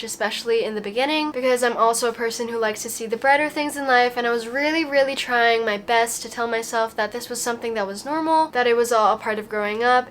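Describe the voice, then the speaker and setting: A young woman speaks in a fairly high voice, stuffy and nasal after a recent fever. She tells her story to the camera in an earnest, open way, and a faint hiss sits behind her. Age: young adult. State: recovering from a fever. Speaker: vlogger. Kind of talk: casual personal vlog.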